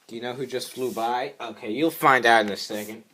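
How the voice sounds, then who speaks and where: Brisk and steady in tone, a young man who vlogs regularly runs through a cartoon episode recap over background noise. He rambles, uses lots of filler, and does squeaky voices for the quotes.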